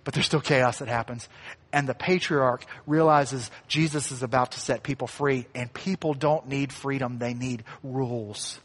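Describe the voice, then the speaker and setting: A pastor preaching a sermon in a conversational way, acting out quoted lines and adding light asides. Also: male voice, mid-range voice, steady tone, moderate pace, a bit bright, long reverb tail.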